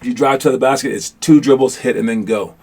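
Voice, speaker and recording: A man coaching young basketball players in a casual motivational talk, rambling with many restarts and fillers, and getting animated as he goes. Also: mid-range voice, fast talker.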